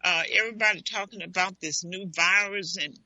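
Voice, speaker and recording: A woman's voice: medium pitch, a little fast, sharp tone, no room sound. A woman hosting a live internet radio talk show, chatting playfully and talking straight. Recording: dull dry lo-fi audio.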